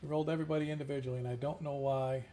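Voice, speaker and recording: A man's voice: medium pitch, level tone, racing, mellow, faint music behind. A man running an online tabletop game as game master, casual and hesitant, often laughing.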